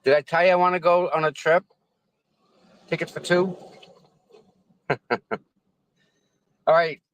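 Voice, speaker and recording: A man's voice: a little high, steady tone, slow, rough recording. A man live-streaming casually from his car in traffic, rambling, repeating words and thanking viewers effusively. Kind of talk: casual live-stream chat while driving.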